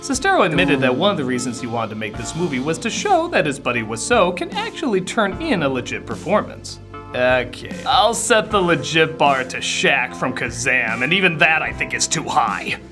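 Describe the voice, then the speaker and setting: An actor playing a sarcastic male film review host who narrates a comedy review and breaks into exasperated yelling. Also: fairly high pitch, sing-song, normal speed, over music. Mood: sardonic.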